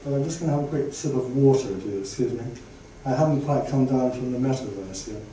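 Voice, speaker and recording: An older man, a guest lecturer, speaks quickly in a medium-pitched, dark voice. His public talk to an audience in a lecture room is chatty and digressive, full of asides and fillers. The room is very echoey, he sounds far from the mic, and there's faint background noise.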